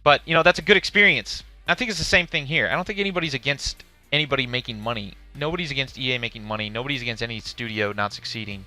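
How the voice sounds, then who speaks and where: A man live-streams a game showcase, tossing out casual, profane commentary and reading chat questions aloud. His voice is medium in pitch with a sharp tone, and he talks fast with hardly any pauses while faint music plays behind him.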